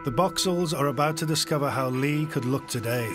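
A man narrating a true-crime documentary in a measured, even voice. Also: on the high side, loud music behind the voice. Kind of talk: scripted narration.

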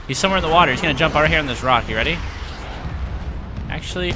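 A young man commentating his video game play, out of breath, excitable and yelling at big moments. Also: fairly high pitch, fast talker, pauses often, a little hiss or hum. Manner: excitable, shouts at big plays, self-mocking. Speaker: gaming YouTuber. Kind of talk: gameplay commentary. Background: game gunfire and explosions.

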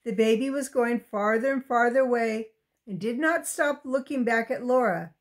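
A woman reading a children's chapter book aloud with gentle asides for young listeners. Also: fairly high pitch, normal speed. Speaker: reader.

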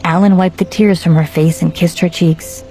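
A woman narrating a story aloud in a steady, even way, with faint music behind her. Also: on the low side, moderate pace. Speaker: audiobook narrator. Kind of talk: scripted narration.

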